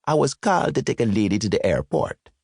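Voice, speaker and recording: A man's voice: lowish voice, sing-song, fairly quick, vocal fry, darkish tone, breathy edge, no room sound, studio quality, voice pushed up, exaggerated voice. A man voicing a reluctant, apologetic male cab driver with a Jamaican accent in an audiobook. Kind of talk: audiobook character voice.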